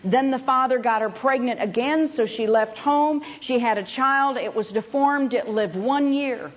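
A woman's voice: a little high, measured pace. Woman preaching on a dull lo-fi tape. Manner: emphatic storytelling, addressing the audience directly. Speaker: Bible teacher at a conference. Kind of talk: sermon.

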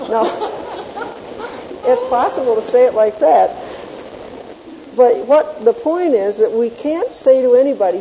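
A woman teaches a Bible class in a deep, mellow, rounded voice, telling homely stories with little self-mocking chuckles. She quizzes her listeners on each point. The tape sounds dull and lo-fi, with a faint hiss underneath. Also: lively intonation, normal speed, long reverb tail.

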